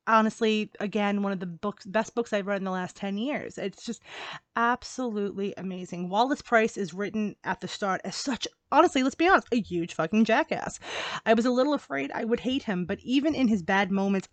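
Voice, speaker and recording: A woman chatting about her favorite books in a casual review vlog, gushing with excitement, laughing often and swearing casually. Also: mid-range voice, no room sound. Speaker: book reviewer.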